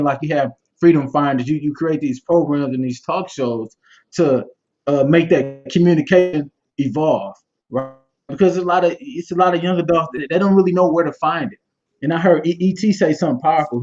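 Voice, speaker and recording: A man's voice: on the high side, darkish tone. Passionate man on a muffled stream. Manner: passionate, conversational, loose repetitions and asides. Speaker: guest speaker. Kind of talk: candid motivational talk.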